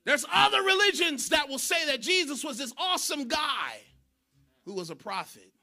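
A man preaching a sermon in church, animated and shouting for emphasis. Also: very high voice, moderate pace, gravelly. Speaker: pastor.

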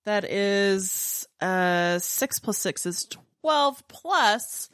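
A woman's voice: medium pitch, expressive, extremely slow, fairly bright tone, slight background noise. A woman playing a tabletop game, thinking aloud and working through the rules carefully. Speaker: player.

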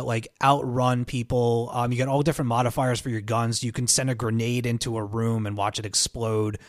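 Male podcast co-host, mid pitch, dry close sound, loose rambling delivery full of fillers. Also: dry recording. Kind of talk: casual chat about video games.

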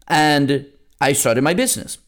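A man's voice: on the high side, animated, measured pace, fairly bright tone. A man hosting a motivational podcast on network marketing, talking bluntly and casually, swearing now and then and repeating lines for punch.

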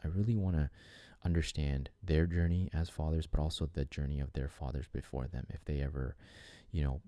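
A man's voice: very deep voice, fairly even intonation, a little fast, warm tone, no echo. A man hosting a solo podcast on fatherhood, talking in an earnest, rambling way with many restarts and fillers. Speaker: podcast host. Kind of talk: reflective solo podcast monologue.

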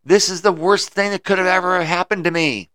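A man's voice: high voice, steady tone, a little fast, fairly bright tone, smooth, no echo, clean studio sound, voice pushed up. A man telling a story on a podcast, voicing a worked-up farmer who pleads in raised outbursts. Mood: distraught. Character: distraught middle-aged male farmer, excitable and quick to despair.

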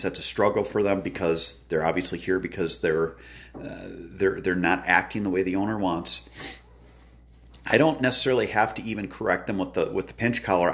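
A man working as a dog trainer, giving an earnest instructional talk about obedience work, repeating his points and acting out the commands he gives. He describes himself as having a good, loud voice. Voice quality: loud booming voice.

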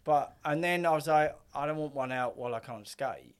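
A man's voice: fairly high pitch, moderate pace, clear, resonant tone. Rambling man in his fifties. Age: 50s. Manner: rambling, swears, acts out quotes. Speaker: podcast guest. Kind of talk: casual chat.

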